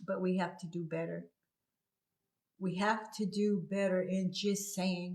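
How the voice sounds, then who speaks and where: A woman's voice: fairly low pitch, fairly even intonation, unhurried, a little mellow. A woman hosting her own talk show, speaking in a casual, earnest and heartfelt way while encouraging her viewers. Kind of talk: casual live-stream talk. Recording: echoey room.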